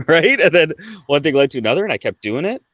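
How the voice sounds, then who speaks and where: A man's voice: a little high, very animated, quick pace, fairly bright tone, no room sound, dull audio. A man in his thirties from Canada, guest on a podcast, telling a personal story in a casual, chatty way, often tagging sentences with "right?". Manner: conversational, fillers like "right?" and "like".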